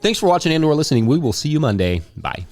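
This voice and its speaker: A man's voice: on the high side, very animated, quick pace, darkish tone, soft background music. A man hosting a farming podcast, talking casually with rambling, joking asides. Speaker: podcast host.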